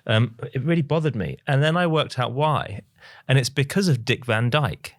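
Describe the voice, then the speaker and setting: A man's voice: medium pitch, moderate pace, no echo, clean studio sound. A man with a London accent, co-hosting a podcast, telling rambling anecdotes with many restarts. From England. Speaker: podcast co-host. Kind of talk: casual chat.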